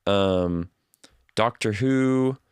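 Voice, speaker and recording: An adult man hosts a livestream, chatting casually and reading viewer comments aloud. His fairly low voice is clear and resonant, and he speaks very slowly. The recording is dry with clean studio sound.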